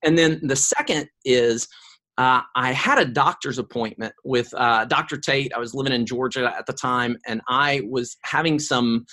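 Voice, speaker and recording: A middle-aged man, a guest in an interview, telling a personal story in a lively way and often repeating his first words. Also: mid-range voice, moderate pace.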